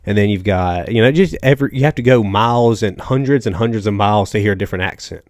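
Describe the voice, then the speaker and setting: Rambling young American man, low voice. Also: fast talker, hardly any pauses, no room sound, clean studio sound. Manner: rambling, joking storyteller with restarts and asides. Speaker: podcast host. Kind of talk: casual solo podcast chat.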